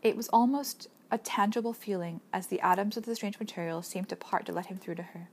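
A woman reading a novel aloud as an audiobook narrator, in steady, measured storytelling. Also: medium pitch, a little hiss or hum. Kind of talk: scripted narration.

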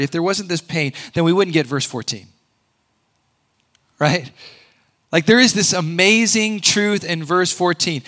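A man preaching a sermon, conversational and earnest, often rising to loud emphatic peaks. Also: high-pitched. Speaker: pastor.

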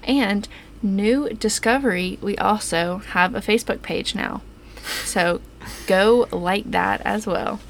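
A young woman co-hosting a faith podcast, reading her prepared points in a steady way. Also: mid-range voice, slow, vocal fry, slight background noise. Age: young adult. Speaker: podcast co-host. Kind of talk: casual faith discussion.

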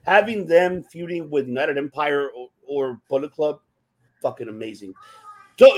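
A man hosting a casual podcast, excitable and swearing freely, calling others bro and man. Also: high voice, moderate pace. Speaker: podcast host.

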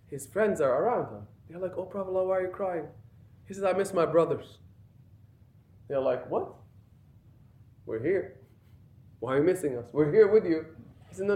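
A man's voice: on the high side, a little mellow. A man who is an imam, giving a conversational, emphatic sermon and addressing the audience directly. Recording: echoey room.

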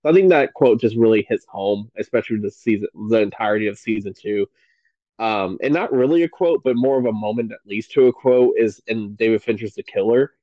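A man's voice: fairly low pitch, brisk, dry recording, muffled recording. A man guesting on a podcast, talking eagerly and loosely about his favorite film and TV moments, full of "um" and "like.". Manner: enthusiastic, rambling with many fillers. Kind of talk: casual podcast chat.

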